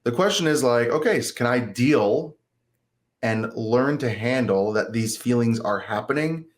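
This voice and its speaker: A man of middle pitch talks like a therapist in a relaxed interview. He explains in a loose, conversational way and slips into lively quoted self-talk to make his points. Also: unhurried. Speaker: therapist guest.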